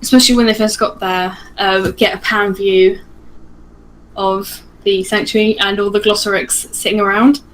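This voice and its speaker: A woman's voice: medium pitch, little pitch movement, normal speed, fairly bright tone, rough recording. A woman chatting casually about a cartoon series on a livestream, thinking aloud and trailing off mid-sentence. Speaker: guest discussing a cartoon series.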